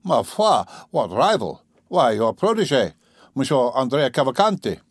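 Chatty young viscount, read by a guy, animated and gossipy, dry close audiobook sound. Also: mid-range voice, normal speed, no room sound. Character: young male French viscount, lively and gossipy. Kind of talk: audiobook character voice.

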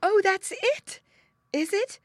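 A woman reading aloud, voicing a fretful young princess in a storybook with a high, petulant tone. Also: very animated, slow pace, no echo, clean studio sound, full character voice. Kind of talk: audiobook character reading.

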